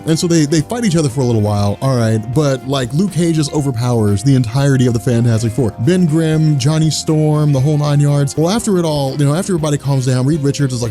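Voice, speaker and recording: A man's voice: medium pitch, fast, hardly any pauses, dark tone, faint music behind. A man hosting a casual chat, rambling through a story and laughing often. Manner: laughing, rambling retelling of a comic plot. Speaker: host.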